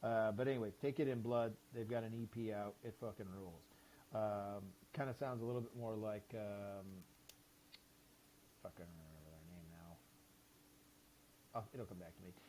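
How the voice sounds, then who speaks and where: A man's voice: on the low side, fairly even intonation, normal speed, pauses often, darkish tone, a little hiss or hum. A man who is a podcast guest, chatting casually in a rambling, enthusiastic way with many fillers and swears. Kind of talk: casual chat.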